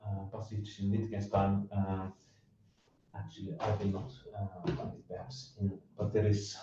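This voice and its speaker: A man in a casual academic discussion, talking hesitantly with many pauses and fillers. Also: low-pitched, completely flat delivery, heavy background noise. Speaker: discussion partner. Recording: echoey, muffled room from a distance.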